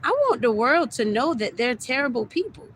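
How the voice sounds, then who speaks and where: A woman's voice: on the high side, animated, brisk, a bit bright, a little hiss or hum. A young adult woman ranting on a livestream, heated and repetitive, stumbling over her words as she circles back to the same complaints. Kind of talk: livestream rant.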